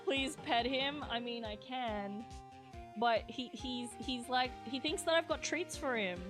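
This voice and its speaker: Young female streamer with a high voice, giggly and flustered while reading game text aloud; faint music underneath. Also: slow pace. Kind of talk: live game stream commentary.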